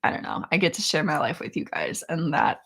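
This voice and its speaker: A woman's voice: deep voice, animated, fairly quick, vocal fry, breathy edge. Chatty young woman laughing through a live chat. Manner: chatty, warm toward viewers, laughs often, trails off with ums. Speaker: chronic illness vlogger hosting a live chat. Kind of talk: casual livestream chat reading comments.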